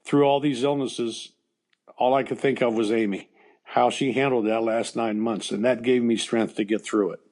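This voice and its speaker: An older American man, a former baseball coach, telling personal stories in an interview in a halting way with frequent restarts. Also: mid-range voice, steady tone, darkish tone. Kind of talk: emotional storytelling interview.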